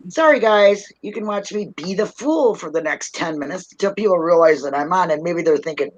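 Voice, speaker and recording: A woman hosting a live video chat, joking loudly and laughing often. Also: fairly low pitch, lively intonation, normal speed, muffled recording. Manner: loud, playful, laughs a lot, clowning. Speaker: live stream host.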